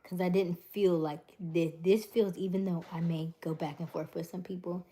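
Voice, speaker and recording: Mellow, low-voiced woman livestreaming. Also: normal speed. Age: middle-aged. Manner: animated storyteller, acts out dialogues, reads chat aloud. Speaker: livestream host. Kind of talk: casual livestream chat.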